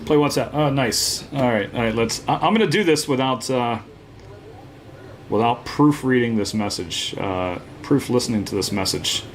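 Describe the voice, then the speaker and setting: A man's voice: medium pitch, normal speed, slight background noise. A man hosting a live card break, chatting casually and teasing viewers, with lots of "uh" fillers. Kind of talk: casual live-stream chat.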